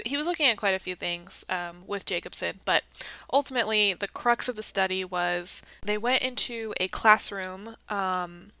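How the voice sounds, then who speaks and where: Woman host, chatty explainer, bright crisp voice, dry close sound. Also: medium pitch, dry recording, poor audio. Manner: chatty, many fillers and restarts. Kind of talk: casual explanatory talk.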